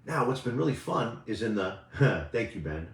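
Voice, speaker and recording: A man's voice: lowish voice, very animated, normal speed. A male coach giving a casual motivational talk, talking conversationally and often asking "right?" as he goes. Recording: roomy echo.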